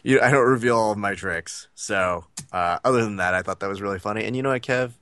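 A podcast co-host chats casually, rambling and packing his talk with fillers. His voice sits fairly low, with a sharp tone and a quick pace.

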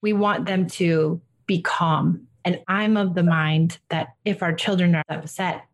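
A woman giving a parent calm, direct advice on handling a child's tantrums. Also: on the low side. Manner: direct, reassuring, acts out what to say to children. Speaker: parenting coach. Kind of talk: advice session.

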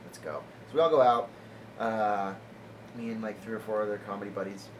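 A man's voice: lowish voice, fairly even intonation, brisk, rough recording. A male comedian telling a rambling, casual story, laughing often and filling his speech with "like.". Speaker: comedian guest. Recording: audible background noise.

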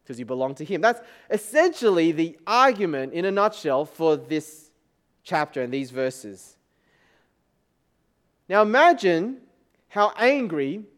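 A male pastor giving a sermon in a conversational style, asking the congregation frequent rhetorical questions. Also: high voice. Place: church service.

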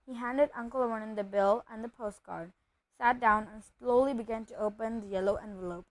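A woman reading a novel aloud with steady, expressive storytelling. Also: fairly high pitch, normal speed, no room sound, low-quality recording.

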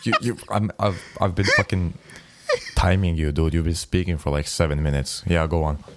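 Deep-voiced man with blunt interjections. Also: fairly even intonation, moderate pace, dry recording. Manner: blunt short interjections, teasing. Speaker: podcast co-host. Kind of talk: casual chat.

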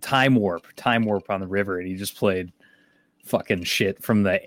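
A man's voice: low-pitched, moderate pace, fairly bright tone, dry recording, studio quality. A middle-aged man from the Detroit area chatting casually as a podcast host, rambling and swearing offhandedly. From Detroit area, Michigan. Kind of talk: casual chat.

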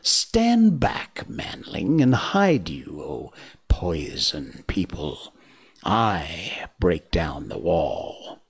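A man voicing an ancient python with a slow, low, hissing delivery, read as a storybook. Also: big pitch swings, breathy edge, dry recording, heavily acted. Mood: commanding. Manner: slow, low, drawn-out hiss.

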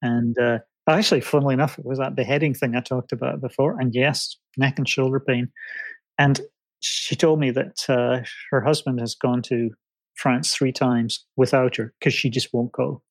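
Man as a chatty interview guest, gravelly tone, dry close sound, tells animated anecdotes. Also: mid-range voice, moderate pace, no room sound. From Scotland. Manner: animated storyteller, acts out clients' reactions. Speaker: guest, past-life reader. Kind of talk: casual interview chat.

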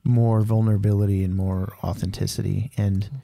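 A man's voice: on the low side, flat delivery, moderate pace, gravelly, dark tone. A man co-hosting a casual faith podcast, talking candidly and rambling, with lots of fillers like "dude" and "man.". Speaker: podcast co-host.

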